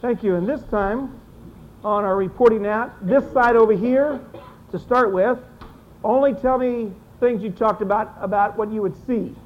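A teacher leading a classroom discussion, briskly encouraging students and repeating their answers aloud. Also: medium pitch, a little hiss or hum. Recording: dull lo-fi classroom recording.

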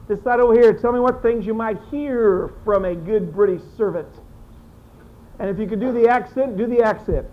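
A teacher leading a classroom discussion, briskly encouraging students and repeating their answers aloud. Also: mid-range voice. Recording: dull lo-fi classroom recording.

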